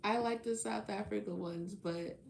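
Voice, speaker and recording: A woman hosts a live tarot stream from home, bantering with her viewers. Her voice has a gravelly, fried edge and sits at a middle pitch. The room is echoey, with faint music playing behind her. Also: normal speed. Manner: playful, chatty, reads comments aloud and banters. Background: faint background music.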